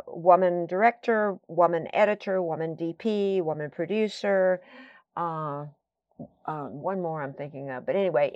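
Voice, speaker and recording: A woman's voice: lowish voice, no echo, dull audio. A woman guest telling long, rambling stories in casual conversation, full of fillers and tangents. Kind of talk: conversational storytelling.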